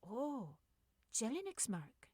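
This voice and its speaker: A woman's voice: fairly high pitch, wildly swooping pitch, slow, warm tone, dry recording, pitched above the performer's own voice, heavily acted. A woman voicing a brusque woman doctor who speaks in a curt, scolding way. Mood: matter-of-fact.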